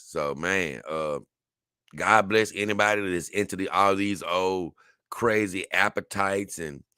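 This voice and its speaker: Man, casual reactor, bright voice, dry close sound, animated and exclaiming. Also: low-pitched, clear, resonant tone, no room sound. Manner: animated, exclaiming and laughing, dips into mock voices. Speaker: video reactor.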